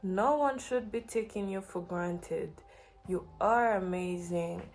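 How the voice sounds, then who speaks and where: A woman's voice: mid-range voice, slow, darkish tone, faint music behind. A young woman giving casual, earnest advice to camera, encouraging and full of "like" and "you know". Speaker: vlogger.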